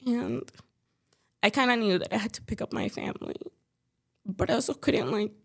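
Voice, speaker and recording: A young woman from Chicago talks as a podcast guest, her voice set in a mid range with a steady run of vocal fry. She keeps it loose and conversational, filling her talk with "like" and "you know". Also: mid-range voice, normal speed. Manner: talkative, leans heavily on "like" and "you know". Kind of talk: casual interview chat.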